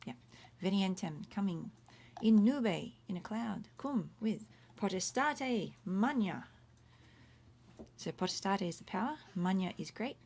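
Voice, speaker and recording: A woman's voice: mid-range voice, animated, unhurried, darkish tone. A middle-aged woman teaching Latin from home in a casual, chatty livestream, explaining words one by one and breaking off to comment as she goes. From Australia. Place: home room. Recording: faint room noise.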